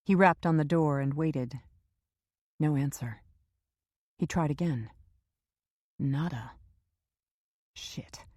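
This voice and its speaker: Low-pitched woman reading a thriller, steady and measured, dry booth sound. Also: dry recording. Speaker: audiobook narrator. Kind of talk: scripted narration.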